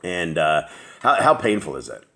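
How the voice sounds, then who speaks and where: A man with a very deep voice hosts a casual chat. He rambles along with plenty of fillers and restarts. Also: sing-song, normal speed, fairly bright tone. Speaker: host.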